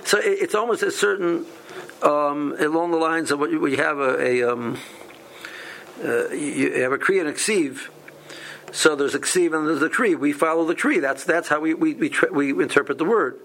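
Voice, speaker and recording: Halting man teaching a Torah class. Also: on the high side, gravelly, a bit bright, low-quality recording. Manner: halting, many restarts and repeated words. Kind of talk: halachic lesson.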